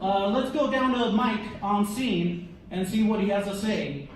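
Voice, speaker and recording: A corny TV newsman put on by a stand-up comic announces the headlines in a high, mock-broadcast voice. The delivery is slow and exaggerated. The mic is far off in a roomy club with background noise. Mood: announcing. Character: cheesy male TV news anchor.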